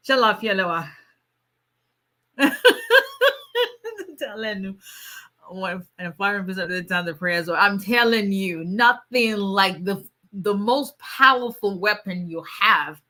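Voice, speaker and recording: A woman's voice: medium pitch, bright, forceful tone. A tired woman, an immigration lawyer chatting casually on a livestream, greeting viewers by name and laughing often.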